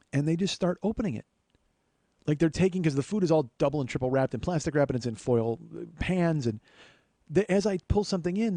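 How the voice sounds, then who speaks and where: Speaking in a fairly high, warm voice, a man in his forties hosts a podcast and tells a long comedic story. He peppers the monologue with profane jokes at his own expense, and the recording is dry.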